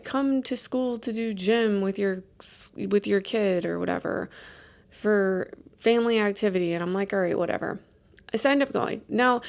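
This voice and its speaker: A woman in her late thirties, hosting a podcast and telling stories in a chatty, animated, self-deprecating way. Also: mid-range voice, vocal fry. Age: late 30s. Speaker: podcast host. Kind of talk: casual storytelling chat.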